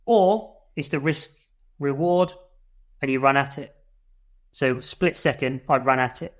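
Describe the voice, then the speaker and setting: A British military veteran, appearing as a podcast guest, tells a war story bluntly and with plenty of swearing, even re-enacting his own shouts. His voice sits at a medium pitch and moves a little slowly.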